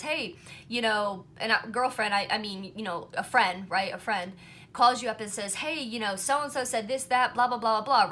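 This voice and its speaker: A woman's voice: fairly high pitch, sharp tone. A woman doing a casual pick-a-card tarot reading to camera, chatty and reassuring, often checking in with "right?" and "you know". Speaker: tarot reader.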